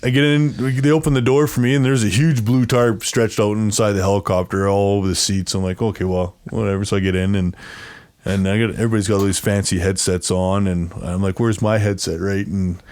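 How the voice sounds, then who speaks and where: Fairly quick and steady in tone, a man with a lowish, darkish voice rambles through a long story as an interview guest. He acts out the voices of others he quotes and laughs often, keeping it casual.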